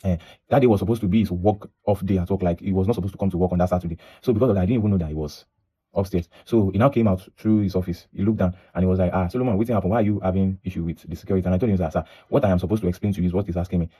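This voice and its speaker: A man's voice: low-pitched, fairly even intonation, rapid-fire, warm tone, breathy edge. A young Nigerian man with a Nigerian accent, telling a personal story in a casual, rambling way, restarting and repeating himself and slipping into Pidgin. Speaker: vlogger.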